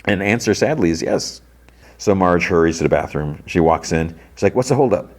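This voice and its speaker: A man's voice: sits low, normal speed. A man hosting a podcast, retelling a TV episode in a loose, rambling way full of filler words. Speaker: podcast host. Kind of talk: casual TV episode recap.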